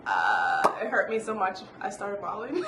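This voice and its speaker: Animated giggly woman guest. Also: medium pitch, unhurried. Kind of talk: casual chat. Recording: echoey room, faint noise.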